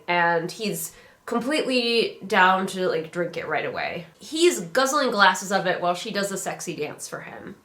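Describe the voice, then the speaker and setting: A woman's voice: medium pitch, a bit bright. A woman reviewing a book in a sarcastic, chatty way, full of filler words, her voice a bit worn. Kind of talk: sarcastic casual book critique. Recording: roomy echo.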